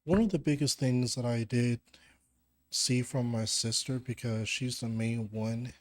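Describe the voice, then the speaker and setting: A podcast guest, a man with a fairly low voice, tells a personal story. He speaks plainly and earnestly. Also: fairly even intonation, unhurried.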